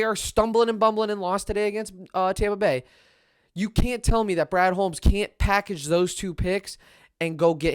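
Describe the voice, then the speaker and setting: Brief: young male sports podcaster, loud, ranting, trash-talks rivals. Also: sits high, clean tone. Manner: excitable, ranting, trash-talking. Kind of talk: solo sports rant.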